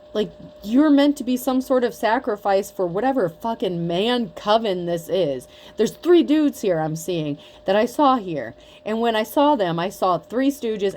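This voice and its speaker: A woman's voice: medium pitch, darkish tone, slight background noise. A woman giving a casual tarot reading, talking bluntly with lots of swearing and mockery. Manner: blunt, profane, mocking. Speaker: tarot reader.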